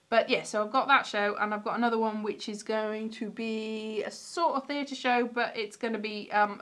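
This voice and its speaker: A woman's voice: mid-range voice, fairly bright tone. A woman from Wales, a comedian, chatting casually on a livestream from her stairs, rambling, greeting viewers and restarting sentences. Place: sitting on stairs at home.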